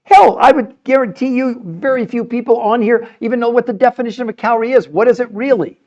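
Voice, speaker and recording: A man's voice: extremely high pitch, fast talker, darkish tone, lo-fi sound. A middle-aged man hosting a health show, talking passionately to viewers in a livestream and repeating himself as he argues a point. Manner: passionate, emphatic, argumentative; repeats words and restarts when fired up. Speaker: health show host answering viewer comments. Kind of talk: livestream talk.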